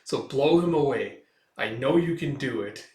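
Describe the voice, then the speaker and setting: A man playing a jovial veteran storyteller master who booms with laughter. His lines come out hearty and loud, pitched a little above an everyday voice. The recording has a roomy echo. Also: expressive, normal speed, natural voice.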